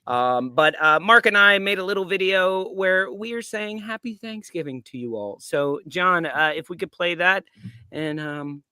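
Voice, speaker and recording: A man's voice: sits high, normal speed, sharp tone, clear, resonant tone, no room sound. A man co-hosting a casual football fan show, loose and laughing, with some swearing. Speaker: co-host.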